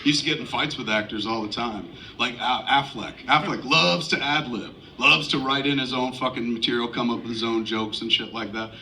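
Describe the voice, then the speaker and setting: A man's voice: medium pitch, fairly even intonation, normal speed, few pauses, bright, forceful tone. A middle-aged man answering audience questions after a screening, telling rambling, profane anecdotes full of impersonations. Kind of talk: post-screening Q&A storytelling. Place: screening room or theater. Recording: distant, noisy live audience recording.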